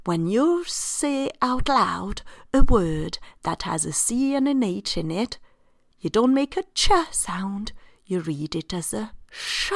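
A woman with a French accent hosting a podcast and giving a playful French language tip, often dropping to a soft near-whisper. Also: lowish voice, expressive, takes it slowly, vocal fry, no room sound, studio quality. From France. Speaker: podcast host and French teacher.

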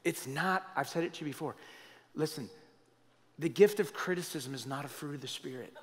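A middle-aged pastor with a slightly high voice preaching in a lively, conversational way, throwing questions out to his congregation. His sermon rings through a hall with a long reverb tail. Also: a little fast. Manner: conversational, animated preaching with audience asides.

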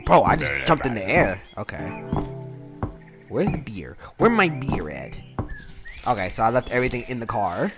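Animated slangy man with game music. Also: medium pitch, vocal fry. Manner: animated, slangy, quick to laugh. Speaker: gaming YouTuber. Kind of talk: casual let's-play commentary. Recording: game music playing behind the voice.

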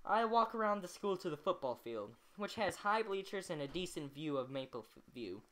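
A woman reads a novel aloud in an amateur recording, her voice on the low side yet lively, rising and falling a lot. She is chatty and breaks off to comment on the text and laugh at her own slips. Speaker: amateur reader. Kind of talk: reading a novel aloud with asides.

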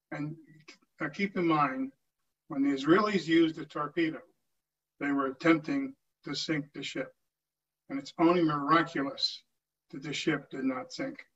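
An older man speaking earnestly at a town hall meeting, often restarting his sentences. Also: on the high side. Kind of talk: informal address to a meeting. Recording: distant muffled lo-fi recording.

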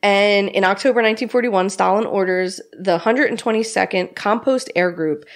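A woman in her thirties co-hosting a podcast, telling a history story in animated casual chat, swearing freely and laughing often. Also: medium pitch, normal speed.

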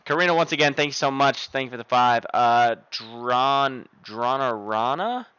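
Profane young man streaming, crisp dry voice. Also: medium pitch, pushed and bright, no room sound, dull audio. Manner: profane, rambling, thanks viewers rapidly by name. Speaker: live streamer. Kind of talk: casual live-stream chat. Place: home streaming desk. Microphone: desk microphone.

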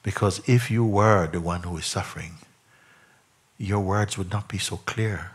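A man as a spiritual teacher in a satsang, probing a questioner by repeating questions back in slow, reflective phrases. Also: low-pitched, slightly rough. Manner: slow, reflective phrasing with frequent "you know" and "no?". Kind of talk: satsang talk answering a questioner.

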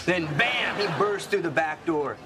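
A man's voice: on the high side, lively intonation, unhurried, over loud music. An actor playing a brash, boastful womanizing friend in a sitcom. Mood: cocky. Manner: cocky, boastful. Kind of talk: sitcom acting.

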